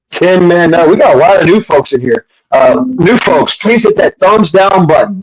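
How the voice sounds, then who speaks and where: A man's voice: on the high side, lively intonation, normal speed, husky, poor audio. A middle-aged man hosting a casual livestream chat, telling crude, rambling stories full of restarts and fillers. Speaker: host.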